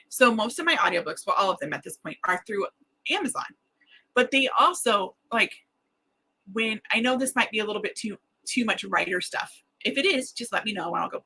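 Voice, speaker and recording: A woman author chatting casually and excitedly with viewers during a livestreamed book launch, rambling a little as she goes. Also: medium pitch, creaky, husky, poor audio. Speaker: mystery author hosting a live book launch.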